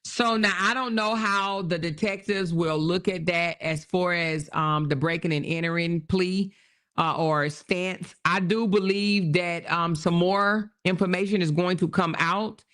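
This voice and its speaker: A woman's voice: on the low side, steady tone, unhurried, a bit bright. A woman hosting her own show, giving casual commentary on a news story and often repeating herself as she checks in with viewers. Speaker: host.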